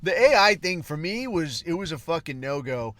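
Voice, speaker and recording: A man's voice: on the high side, sing-song, normal speed, sharp tone, no echo. Profane, rambling man hosting a podcast. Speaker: podcast host. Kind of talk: casual solo monologue.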